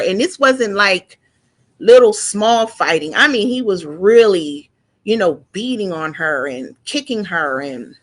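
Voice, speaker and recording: A woman in her forties telling a painful personal story, halting and emotional, with frequent restarts and repeated words. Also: medium pitch, a bit bright. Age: 40s. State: emotional, close to tears. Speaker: guest sharing her story.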